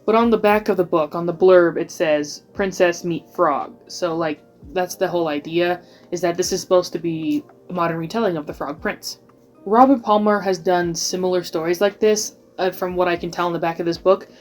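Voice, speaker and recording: A woman talks her way through a casual video essay, rambling and leaning hard on filler words. Her voice sits on the low side for a woman. Faint background music plays quietly under her. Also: fairly quick.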